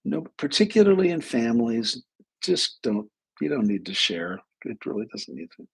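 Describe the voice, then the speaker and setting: A middle-aged man hosting a live advice stream, telling a story from his clinical work with animated asides. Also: medium pitch, normal speed, creaky, breathy edge. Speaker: host, clinician.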